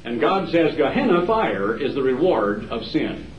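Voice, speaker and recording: A male evangelist preaching a campaign sermon with emphatic, dramatic pauses, recorded live in a large hall. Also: medium pitch, very animated. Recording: roomy hall, distant dull mic.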